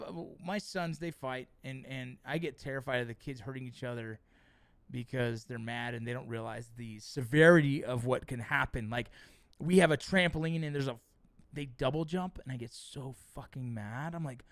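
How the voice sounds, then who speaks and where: A middle-aged man hosting a livestream, reading chat and telling stories in a casual, profane, animated way. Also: medium pitch, moderate pace, no echo.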